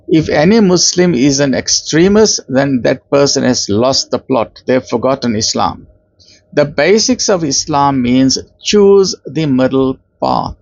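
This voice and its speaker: Brief: South African male lecturer, fairly high voice, conversational religious talk, dry and dull recording. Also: darkish tone, no room sound. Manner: conversational, acts out quoted voices, uses Arabic terms. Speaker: Islamic lecturer.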